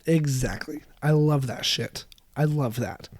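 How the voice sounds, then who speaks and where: A man's voice: medium pitch, measured pace, darkish tone, husky, no room sound, studio quality. A young man co-hosting a comedy podcast, playful and agreeable as he eggs on the jokes. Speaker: podcast co-host. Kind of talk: casual comedic podcast chat.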